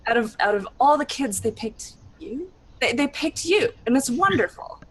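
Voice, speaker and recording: A woman's voice: sits high, animated, pitched above the performer's own voice, low-quality recording. A woman voicing a proud, emotional female orc mentor who stumbles over her words in a tabletop role-play. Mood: fond. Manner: halting, repeats herself, soft and breathy in places.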